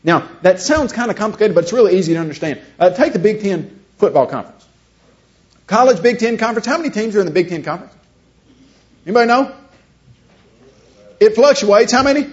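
A man's voice: sits high, animated, brisk, long pauses. A man giving a conversational teaching lecture, asking his listeners rhetorical questions. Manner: asks the audience rhetorical questions. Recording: dull lo-fi recording.

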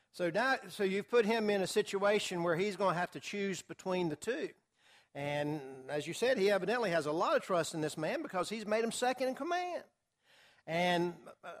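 A man teaching a Bible study class to a group, talking casually with filler words and acting out quotes. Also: high-pitched. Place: classroom or church hall with a group.

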